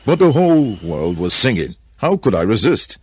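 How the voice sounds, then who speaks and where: A man's voice: lowish voice, sing-song, normal speed, slight background noise, voice pushed up. A man voicing a playful, carefree male gorilla who talks in a boisterous, joking way.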